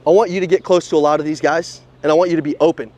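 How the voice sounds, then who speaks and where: A man running a live sales coaching session outside at a car dealership, his voice pitched high and his words racing. He is blunt and profane and drills the trainees with one rhetorical question after another. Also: fairly even intonation, racing, dark tone.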